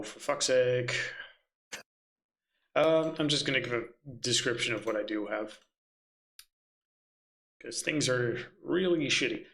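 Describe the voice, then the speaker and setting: A man's voice: medium pitch, measured pace, gravelly, pauses often, fairly bright tone. A man running a tabletop game, muttering and swearing to himself as he hunts for his notes. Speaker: game master.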